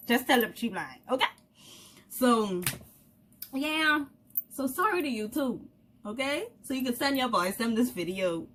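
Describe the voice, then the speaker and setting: A young Bahamian woman vlogger tells a story to the camera in a casual, animated way, laughing often and acting out the voices of the people she quotes. Her voice is a little high, with a breathy edge.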